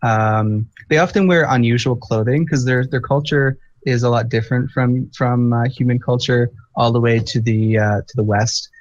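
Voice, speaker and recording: A man's voice: mid-range voice, steady tone, normal speed, hardly any pauses. A man running a tabletop game as game master, thinking aloud with many fillers. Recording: dull lo-fi dry recording.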